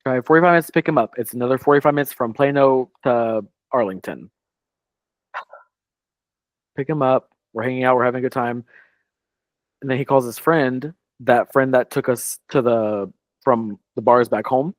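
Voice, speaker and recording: Male podcast co-host, mid-pitch, rambling anecdote, dry booth sound. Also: normal speed, pauses often, no room sound. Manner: rambling, heavy on "like", quoting others. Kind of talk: casual storytelling chat.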